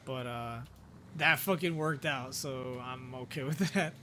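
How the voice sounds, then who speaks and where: With a mid-range voice and a sharp tone, this man speaks a little slowly over slight background noise. As live game-stream commentary for a role-play game, he talks to himself, curses frequently and swings from frustration to disbelief.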